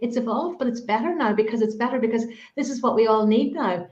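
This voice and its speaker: A woman's voice: on the high side, fast talker, darkish tone. Irish woman host on a dull echoey line. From Ireland. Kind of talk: casual interview, reading viewer comments.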